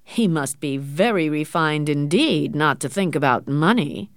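A stern, sarcastic middle-aged doctor with a dry, measured way of talking, pitched a little lower as a woman reads him in a storybook. His voice rises and falls with lively inflection, and the recording is close and dry. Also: no room sound.

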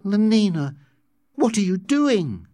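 Narrator playing volatile young outsider: raised voice, slow, earnest, impassioned, storybook. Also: male voice, sits high, expressive, a little mellow, no room sound, clean studio sound, pitched above the performer's own voice. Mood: furious. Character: intense, idealistic young man, volatile outsider.

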